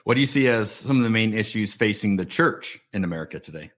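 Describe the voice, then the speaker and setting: A middle-aged man hosting a podcast, asking questions and telling stories in a conversational, animated way. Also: on the low side, quick pace. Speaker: podcast host. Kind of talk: podcast interview.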